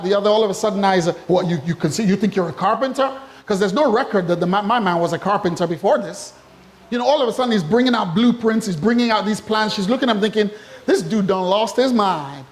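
This pastor delivers his sermon in a high voice, full of humor and energy. He breaks off for asides to the congregation and performs the quotes he cites.

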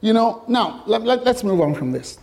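A man's voice: sits high, very animated, moderate pace, creaky, darkish tone. A man preaching an interactive sermon to a congregation, chatty and jokey, asking questions and teasing the room. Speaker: pastor. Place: church hall with congregation.

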